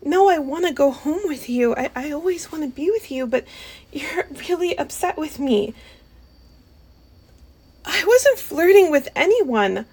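A woman's voice: high voice, moderate pace, mellow. A young woman performing a one-sided audio role-play, pleading and hesitant, stammering and often sinking into whispers.

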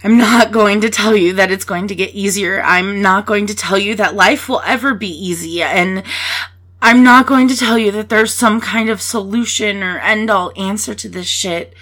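A woman in a whispered role-play, speaking softly and reassuringly to the listener, swearing casually as she comforts them. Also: mid-range voice, moderate pace.

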